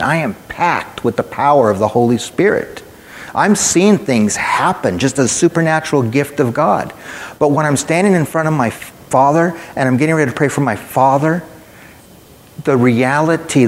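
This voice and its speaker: A man preaching a sermon, telling a personal story in a conversational way and speaking directly to his listeners. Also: mid-range voice. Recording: long hall reverb.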